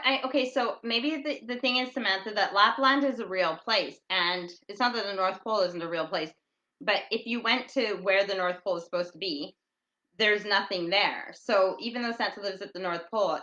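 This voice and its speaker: A middle-aged woman hosting a casual, rambling chat show, who talks loudly and reads out listener comments as she goes. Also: lowish voice, roomy sound, muffled recording. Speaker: podcast host. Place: at home in England.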